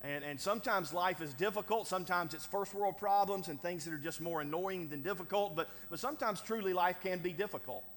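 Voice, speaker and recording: A high-pitched male pastor delivers a sermon in an easygoing, conversational way, tossing in "right?" and little chuckles between points. His voice rings out with a long reverb, as if in a large church hall. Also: a little fast, hardly any pauses, fairly bright tone. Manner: conversational preaching with frequent "right?" asides and chuckles.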